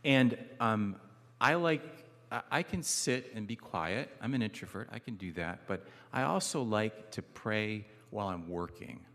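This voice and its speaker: A man preaching a guest sermon in a church, conversational and lightly humorous, dropping soft and low on key phrases. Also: expressive, unhurried. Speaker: guest pastor. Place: church sanctuary. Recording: reverberant church hall.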